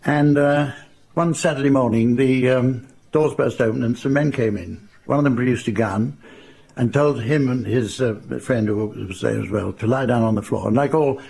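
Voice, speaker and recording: An older man from England telling wry, dry family anecdotes in an unhurried storytelling style. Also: medium pitch, gravelly, darkish tone. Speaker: raconteur. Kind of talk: anecdotal storytelling to a live audience.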